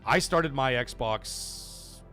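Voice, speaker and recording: A man in his thirties hosting a live gaming stream, chatting and reading viewer super chats, breaking into loud excited shouts. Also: medium pitch, drawn-out words, soft background music. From Canada. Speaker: host of a gaming livestream.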